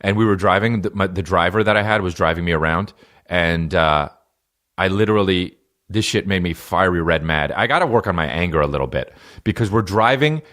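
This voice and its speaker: A man in his thirties from New Jersey tells stories on his comedy podcast. His voice sits fairly low and he talks loosely, swearing often. His delivery is laid-back, with plenty of fillers and tangents. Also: a bit bright. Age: 30s. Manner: rambling, profane, laid-back storytelling. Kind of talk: casual comedy monologue.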